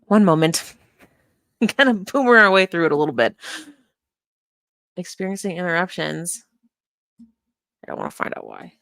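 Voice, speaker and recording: A young woman talks on a desk mic in a casual livestream, rambling and swearing freely, dropping into mutters between lines. Her voice sits a little low, and the sound is close and dry with no room echo. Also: big pitch swings, moderate pace, creaky, pauses often, a bit bright. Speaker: streamer reviewing a live stream. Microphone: desk microphone.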